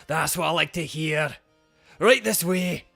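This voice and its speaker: A man doing a boisterous old Scottish chef who leads a gym in a game, all hearty folksy charm. He stretches his words slowly and booms them out, bright and forceful. A proud old-timer fully enjoying the moment. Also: vocal fry, soft background music, heavily acted. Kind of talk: reading game dialogue aloud.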